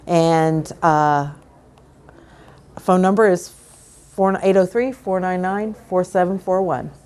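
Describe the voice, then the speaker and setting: A woman's voice: fairly low pitch, slow, darkish tone. A woman who runs a restaurant answering interview questions in a plainspoken, friendly way. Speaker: restaurant owner. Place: restaurant, indoors.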